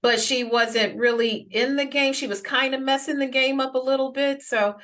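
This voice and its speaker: A woman's voice: high-pitched, fairly even intonation, moderate pace, fairly bright tone. Woman host asking rambling questions. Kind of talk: interview conversation.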